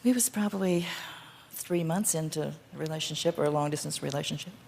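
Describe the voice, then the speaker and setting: Gravelly older woman, quick and firm. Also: low-pitched, darkish tone. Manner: firm, emphatic, devoted. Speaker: talk show guest. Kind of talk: being interviewed on a talk show.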